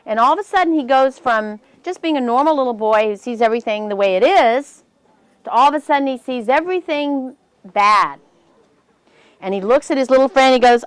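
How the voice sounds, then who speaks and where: A woman telling a fairy tale to children, animated and voicing the characters as she goes. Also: moderate pace, no room sound. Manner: animated, voices the characters with big pitch jumps. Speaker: storyteller.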